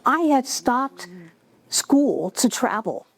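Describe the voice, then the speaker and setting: A woman telling a personal story live at a cafe event, reflective, with measured pauses and wry asides. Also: sits high, sing-song, creaky, low-quality recording.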